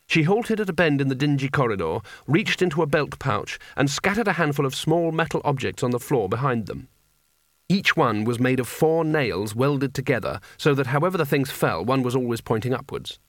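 A man narrating a comic fantasy story with dry, wry timing. His voice sits at a middling pitch. It is recorded close in a dead, dry space. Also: animated, moderate pace, no room sound. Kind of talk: audiobook narration.

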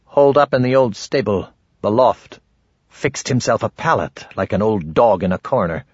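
A man voicing a hulking thug who talks curtly and with contempt, in a low, husky voice. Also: expressive, normal speed, a little mellow, no room sound, muffled recording. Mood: contemptuous. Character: hulking thug man, cold and ready to kill.

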